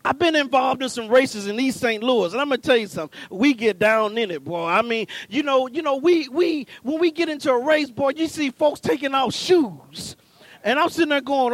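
High-voiced fervent male preacher. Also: normal speed, no echo. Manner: builds from calm teaching to fervent shouting; folksy, punchy, talks straight to the congregation. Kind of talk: sermon.

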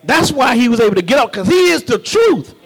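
A man preaching a sermon in a very high, lively voice. He talks in folksy call-and-response, swinging between soft asides and ringing shouts. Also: fairly quick, slightly rough.

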